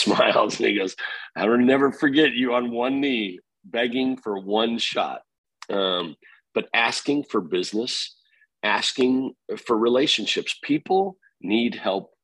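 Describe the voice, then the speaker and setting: A middle-aged man, a real estate company founder, being interviewed, telling energetic stories and acting out what people said. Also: deep voice, slightly rough, dry recording, poor audio. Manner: energetic storyteller, quotes himself and others. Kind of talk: conversational interview.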